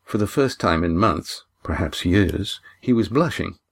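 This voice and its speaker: A man reading his own novel aloud as the audiobook narrator, in a measured, even storytelling manner. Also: low voice, gravelly, breathy edge.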